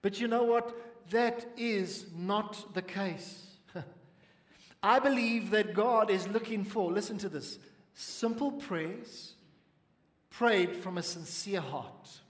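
Male pastor, high voice, slow deliberate delivery, emphatic, echoing church hall with long reverb. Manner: emphatic, has the congregation repeat phrases. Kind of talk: sermon.

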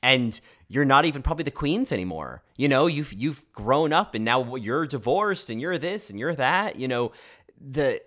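A man's voice: mid-range voice, animated, normal speed, a bit bright. A man talking casually about a film, full of filler words and restarts. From United States. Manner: chatty, many filler "like"s and restarts.

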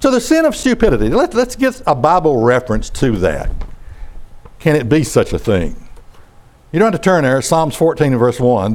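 A man's voice: fairly high pitch, very animated, normal speed, pauses often, a little mellow. A middle-aged man preaching a sermon in a folksy, conversational way with sarcastic asides.

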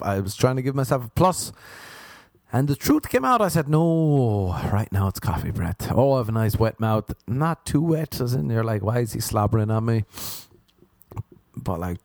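A young comedian hosting a podcast rambles through funny, self-mocking stories about himself in a casual monologue. His mid-range voice is slightly mellow, recorded with studio quality and no echo.

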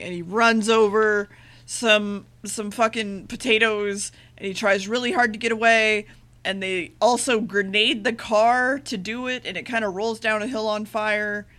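A woman with a bright, forceful tone recaps an episode in loose, casual chat. She rushes her words and swears freely, paraphrasing dialogue as she goes. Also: mid-range voice. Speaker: podcast co-host recapping an episode.

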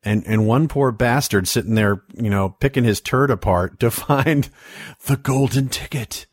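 A man co-hosting a podcast in casual chat, joking quickly and laughing easily. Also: medium pitch, husky, no echo, clean studio sound. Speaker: podcast co-host.

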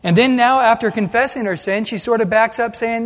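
A man preaching a sermon as pastor, animated and acting out the voices he quotes. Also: very high-pitched, fairly quick. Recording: long hall reverb.

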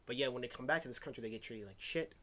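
A man co-hosting a casual podcast chat, loud, excitable and profane. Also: medium pitch, rapid-fire. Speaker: podcast co-host.

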